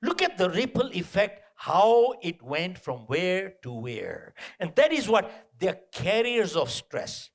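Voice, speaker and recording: A man giving a live motivational talk to an audience, animated and punchy, repeating short phrases and throwing out rhetorical questions. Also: high-pitched, slow, few pauses. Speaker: motivational speaker. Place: indoor event venue.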